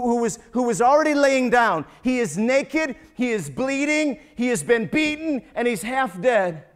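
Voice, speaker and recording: A man preaching a sermon as pastor to his congregation, often stammering and repeating words, dropping low and quiet, then building to loud, drawn-out emphatic peaks. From United States. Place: church sanctuary.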